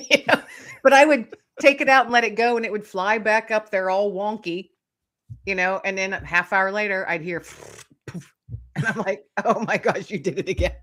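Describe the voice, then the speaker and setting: A middle-aged woman, a guest author, telling lively anecdotes in casual chat, acting out little voices and laughing often. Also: medium pitch, moderate pace. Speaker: guest, author and podcast host.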